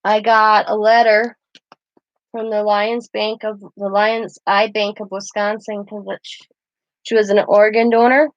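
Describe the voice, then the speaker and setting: A woman's voice: medium pitch, little pitch movement, a little slow, no room sound, lo-fi sound. A woman, hosting a casual craft vlog and telling rambling stories as she shows keepsakes. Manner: chatty, rambling storytelling with laughs. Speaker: craft channel host. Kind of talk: casual show-and-tell vlog.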